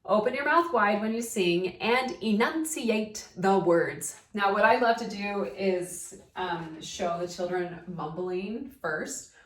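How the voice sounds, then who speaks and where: A woman's voice: mid-range voice, takes it slowly, hardly any pauses, a bit bright. Woman, casual lesson, chatty, upbeat, asides, echoey room, off-mic distance. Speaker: primary singing time teacher. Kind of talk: casual instructional talk. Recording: roomy, from a distance.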